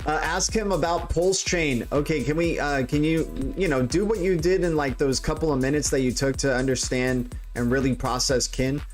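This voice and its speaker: A man's voice: a little high, moderate pace, few pauses, soft background music. A man hosting a casual crypto livestream, joking and rambling with many restarts. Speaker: host.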